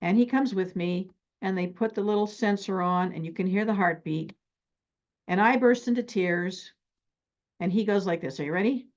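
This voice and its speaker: A middle-aged woman therapist teaches with lively, extroverted energy, often acting out her own stories. Her voice sits at an ordinary pitch, and the recording is a bit dull and lo-fi. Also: normal speed. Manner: animated, extroverted, acts out anecdotes.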